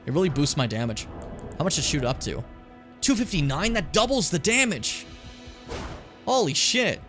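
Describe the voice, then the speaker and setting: A man streaming a video game, chatting and joking with his viewers and swearing freely. His pitch jumps all over the place, and game music plays quietly behind him. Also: very animated, a little fast. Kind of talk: casual gameplay commentary.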